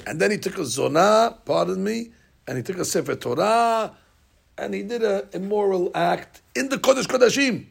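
Gravelly husky man telling Talmud stories. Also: high-pitched, moderate pace. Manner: animated storyteller, acting out lines with rising shouts. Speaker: Torah teacher. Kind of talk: Talmud class storytelling.

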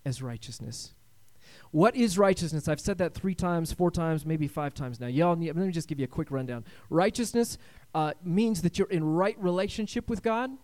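A man preaching a sermon as pastor, swinging between loud emphatic lines and hushed quiet ones and calling for amens. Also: on the high side, normal speed.

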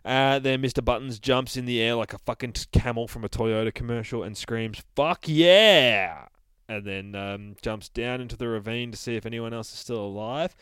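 A man's voice: medium pitch, clean tone, no echo, low-quality recording. Profane, rambling male comic reviewer. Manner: rambling, profane, laughing storytelling. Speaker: podcast host reviewing a comic.

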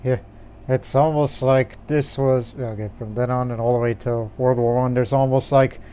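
A man's voice: medium pitch, steady tone, moderate pace, warm tone, muffled recording, a little hiss or hum. A man co-hosting a casual gaming podcast, rambling in an easygoing way with frequent restarts. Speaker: podcast co-host.

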